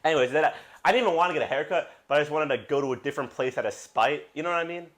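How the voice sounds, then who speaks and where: A man's voice: on the high side, very fast, fairly bright tone. A young man from Brooklyn, hosting a podcast and telling rambling, profane stories in casual chat. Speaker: podcast host.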